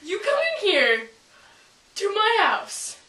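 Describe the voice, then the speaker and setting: A woman acting in a comedy skit, melodramatic and fake crying, talking down slowly to her friend. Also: very high voice, wildly swooping pitch, bright, forceful tone, far from the mic, slight background noise. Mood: condescending. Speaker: comedy sketch actor. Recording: echoey room, from off mic.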